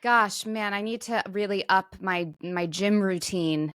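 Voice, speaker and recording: A woman's voice: medium pitch, measured pace, a bit bright, no room sound, clean studio sound. A woman co-hosting a comedy show, chatting in an easygoing, self-mocking way. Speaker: co-host. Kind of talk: casual comedic chat.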